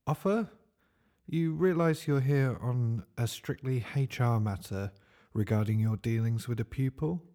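A man's voice: mid-range voice, unhurried, mellow, close to an everyday voice. A man voicing a stern female head of HR who speaks formally.

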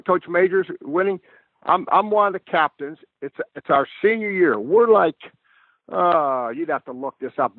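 Chatting on a podcast as a guest, this older football coach is an animated storyteller whose delivery stops and starts, with words repeated at the start of each thought. He sits fairly high in pitch for a man. His line is tinny and phone-like, dry with no echo.

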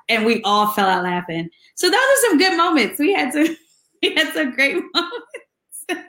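A woman's voice: a little high, expressive, normal speed, a bit bright, echoey room. A woman guest in a casual interview, chatty and laughing as she tells stories and mimics people. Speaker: guest singer.

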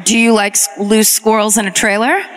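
A woman co-hosting a live podcast, throwing in loud, wisecracking jokes. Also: mid-range voice, level tone, fairly quick. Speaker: podcast co-host. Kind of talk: comedic banter. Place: live on a theatre stage. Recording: live stage mic with audience noise.

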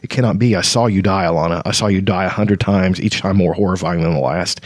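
A tormented old elf king speaks in a deep, low voice, as a man reads him aloud from a novel. The tone stays plain and close, recorded dry with no room sound. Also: quick pace, no room sound. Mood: haunted.

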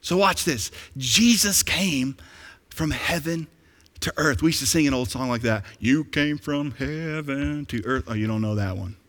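A male pastor preaching a sermon, animated, dropping to hushed lines and rising to excited peaks. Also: mid-range voice, moderate pace. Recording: echoey hall.

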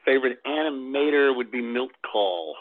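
A man's voice: medium pitch, lively intonation, normal speed. A man who works in animation, answering interview questions with hesitant ums and easy chuckles. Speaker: animation director, guest. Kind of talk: casual interview. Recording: tinny phone-line sound.

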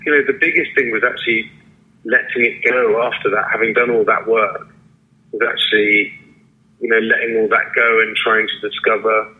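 An actor answering interview questions casually, hesitant with many fillers and restarts. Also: male voice, fairly low pitch. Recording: lo-fi phone-like line.

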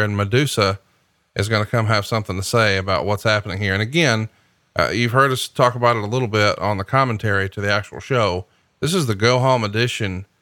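Lower-voiced man with a bright, dry sound. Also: no echo. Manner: relaxed, wry, laughs easily. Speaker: podcast host. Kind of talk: casual chat with commentary on old wrestling footage.

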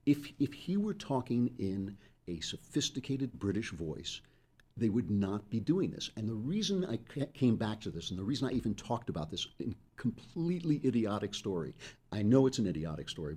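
A middle-aged man hosting political commentary delivers an emphatic, sarcastic opinion monologue, breaking in on himself with asides. His voice is lowish and warm with a breathy edge.

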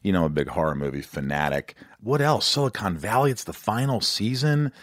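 Brief: male podcast host, 40s, very low voice, dry close sound, energetic and rambling. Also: brisk, no echo. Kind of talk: casual interview chat.

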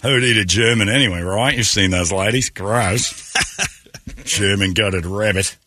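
A man hosting a morning radio show, telling jokey stories with loud put-on impressions. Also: fairly low pitch, a little slow, no room sound. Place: radio studio.

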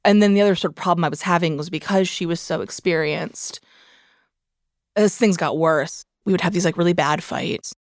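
A woman's voice: lowish voice, normal speed, dry recording, clean studio sound. A woman telling a painful personal story in a candid, conversational way, full of "like" fillers. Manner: conversational, frequent "like" fillers, emotional recollection. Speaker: memoir author, interview guest.

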